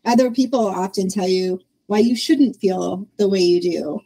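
Over low-quality audio, a podcast host in her forties talks through her thoughts in a relaxed, reflective interview, laughing frequently. Her husky voice sits at medium pitch and moderate pace, and she voices her own past words animatedly.

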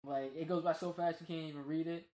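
A man co-hosting a casual gaming podcast, talking in an animated, slangy way and swearing freely. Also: fairly high pitch, fast talker, echoey room. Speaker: podcast co-host.

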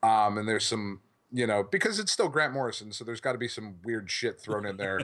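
A man's voice: lowish voice, lively intonation, brisk, a bit bright. A male podcast host in casual chat, rambling enthusiastically and swearing freely. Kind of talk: casual chat about comics.

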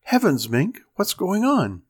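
A harried mother calls after her child in a raised, fussing voice, as a male storyteller does her. She sounds busy but caring. A gravelly texture stays underneath. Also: a little high, wildly swooping pitch, moderate pace, pitched above the performer's own voice, heavily acted. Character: busy, mildly worried mother.

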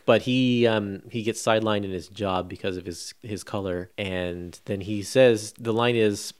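A man's voice: lowish voice, unhurried, hardly any pauses, smooth. A man co-hosting a comics podcast in an easygoing, chatty way, often trailing off. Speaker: podcast co-host. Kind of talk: casual chat about comics.

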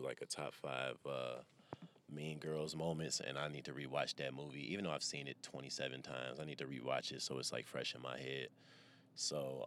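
A man's voice: extremely low pitch, a little hiss or hum. A comedian, rambling through a profane, wisecracking monologue into a microphone while sitting in his car. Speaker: comedian and podcast host. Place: parked car.

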